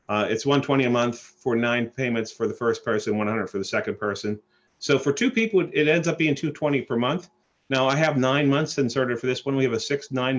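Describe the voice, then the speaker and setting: A man giving an animated sales presentation on a group call, often repeating and restarting phrases. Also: mid-range voice, highs cut off. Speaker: credit repair presenter. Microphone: phone or call line.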